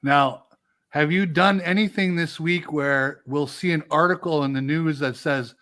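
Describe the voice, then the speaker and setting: Man, podcast co-host, relaxed casual chat, teasing, slightly higher pitch. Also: a little slow.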